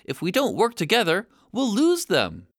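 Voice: mid-range voice, huge pitch swings, moderate pace, no echo, studio quality, voice pushed up. A reader voicing a pushy, scolding shoal of fierce hunting sharks in a storybook read-aloud. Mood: impatient. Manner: bossy, scolding, loud.

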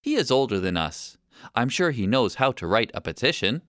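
A man's voice: mid-range voice, sing-song, normal speed, a bit bright, no echo, studio quality. A man voicing an earnest little boy pleading with his older brother in a storybook.

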